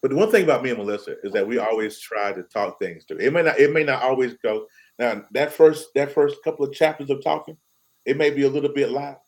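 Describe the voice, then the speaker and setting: A man's voice: mid-range voice, fast talker, darkish tone, poor audio. A man on a podcast panel speaking candidly and emotionally about family life in casual chat. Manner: candid, emotional, talks in restarts.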